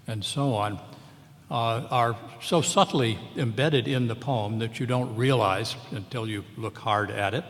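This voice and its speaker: A man, an English professor on a memorial panel, giving a measured close reading of a poem and slowing down to sound out lines of verse. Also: on the low side, fairly bright tone. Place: large lecture hall at a memorial event. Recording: long hall reverb.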